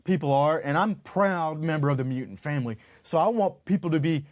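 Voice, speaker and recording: A congested, stuffy-nosed man co-hosts a casual podcast, rambling and joking in an animated way. He lives in Utah and previously lived in Los Angeles, and his voice runs on the high side at a slightly fast pace.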